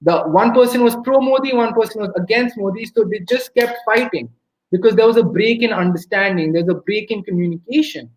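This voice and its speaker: Animated Indian man, roomy echo. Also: sits high, brisk. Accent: Indian English. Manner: lively storyteller, acts out quotes. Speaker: webinar speaker. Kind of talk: motivational talk on communication.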